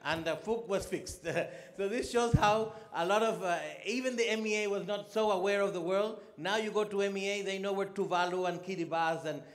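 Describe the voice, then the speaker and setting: A man's voice: sits high, normal speed, hardly any pauses. A middle-aged man, an ambassador, giving a conference speech and telling humorous anecdotes, acting out the dialogue. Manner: storytelling, acts out dialogue with lively humor.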